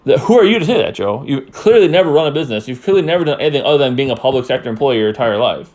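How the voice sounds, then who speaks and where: A man's voice: medium pitch, lively intonation, very fast, darkish tone. A man hosting a political commentary podcast, talking in a rambling, heated way and repeating himself. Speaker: podcast host.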